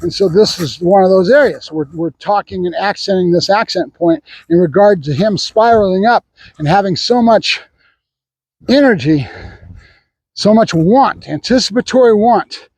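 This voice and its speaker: A man explains dog obedience work in a relaxed, chatty way, his voice pitched high with a husky edge. He sometimes slips in French commands to his dog. The take is from his own outdoor camera setup. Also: moderate pace, no echo, rough recording. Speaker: dog trainer. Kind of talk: casual training vlog talk. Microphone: camera set up on his own.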